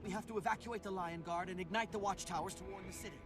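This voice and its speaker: An urgent game soldier, played by a man, rushes out his report in a high, fast voice. Loud battle music plays behind him. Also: fairly even intonation, lightly acted. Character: urgent male soldier in a besieged town.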